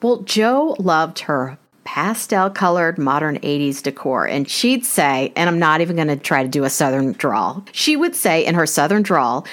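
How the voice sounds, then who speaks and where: A woman hosting an interview, animated and amused, reading favorite lines from a book aloud. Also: on the low side, moderate pace, hardly any pauses. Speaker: interview host. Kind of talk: casual interview chat. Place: New York City home.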